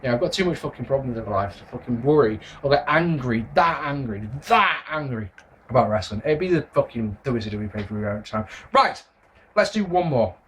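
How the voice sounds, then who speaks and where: A man's voice: mid-range voice, lively intonation, brisk, fairly bright tone, a little hiss or hum. A man, answering viewer questions in a casual vlog, rambling, swearing and apologising for his answers. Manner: rambling, sweary, self-deprecating. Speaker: wrestling video reviewer.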